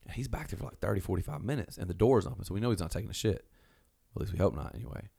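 Deep gravelly man telling a wild story. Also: racing. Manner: animated, swearing, acts out quotes in raised voices. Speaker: storyteller guest. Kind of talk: casual storytelling.

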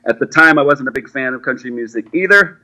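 A man's voice: mid-range voice, quick pace, bright, forceful tone, low-quality recording. A man in his forties, a guest telling his story in a chatty, self-deprecating way, laughing easily. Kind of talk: casual interview storytelling.

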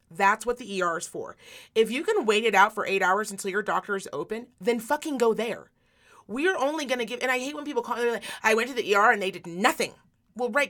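A woman's voice: fairly high pitch, bright, forceful tone. A woman who works in medicine talks in a heated, emphatic way on a podcast, swearing often. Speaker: podcast host; medical worker. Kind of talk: impassioned casual talk.

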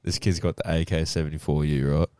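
A young Australian man telling stories in casual podcast chat, animated and full of swearing. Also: extremely low pitch, fast, no room sound. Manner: animated storytelling, heavy swearing. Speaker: podcast co-host.

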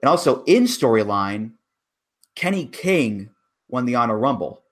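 A man's voice: medium pitch, big pitch swings, a little slow. A man in casual podcast conversation, building his argument step by step. He leans on stressed words and filler "like"s as he makes his case, with a mid-range voice. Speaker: podcast co-host. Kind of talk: casual chat.

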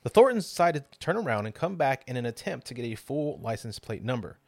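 A man's voice: medium pitch, very animated, brisk, creaky, a little mellow, no echo. A man hosting a podcast, narrating a true crime story with drama and casual swearing. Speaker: podcast host.

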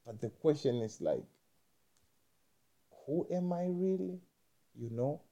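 A young man talking in a rambling monologue, halting and repeating himself, with frequent swearing. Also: on the high side, expressive, a little mellow.

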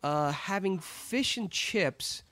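Excitable high-voiced sports talk host. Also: male voice, slow. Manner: excitable, stammering restarts, playful teasing. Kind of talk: lively sports talk show.

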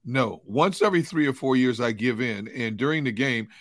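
A man co-hosting a sports talk show, relaxed and casual, with hesitant fillers. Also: medium pitch, a little fast, dry recording. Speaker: co-host.

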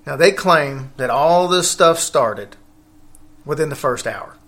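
A man's voice: a little high, lively intonation, slow, fairly bright tone. A man hosting a casual podcast, rambling along with fillers and self-corrections. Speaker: podcast host.

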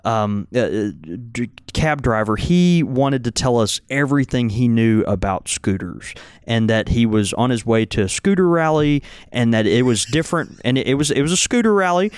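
A man in a relaxed podcast chat, telling meandering stories and stumbling over his words with plenty of "uh"s. His voice sits at an ordinary pitch. The recording is close and dry, with no room sound. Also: moderate pace, clean tone, no echo. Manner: rambling, repeats words, many fillers. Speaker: podcast co-host, tobacco shop owner. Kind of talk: casual chat.

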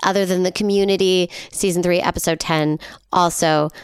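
A woman's voice: on the low side, fairly even intonation, moderate pace, clear, resonant tone, no echo, clean studio sound. A woman co-hosting a podcast in casual chat, telling stories, chatty and laughing often. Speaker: podcast co-host.

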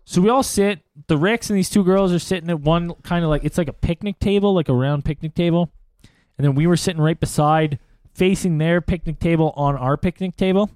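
Guy cohost telling a sketchy night story, cussing a lot, kinda high voice, dry mic. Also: brisk, smooth, no room sound. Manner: profane, animated storytelling with acted-out quotes. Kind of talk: casual storytelling chat.

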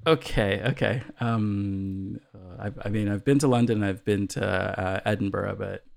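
A man's voice: on the low side, a little slow, gravelly. A man from the US hosting a casual podcast chat, laughing often and hesitating with ums as he asks questions. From United States. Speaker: podcast host.

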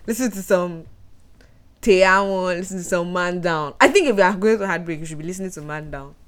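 A young adult woman, co-hosting a podcast in animated, emphatic casual chat. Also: fairly low pitch, a little fast, clear, resonant tone. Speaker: podcast co-host.

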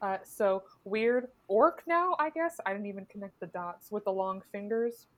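A woman's voice: medium pitch, normal speed, phone-quality sound. A woman guest on a podcast, chatting casually and laughing often. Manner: giggly, enthusiastic. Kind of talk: casual chat.

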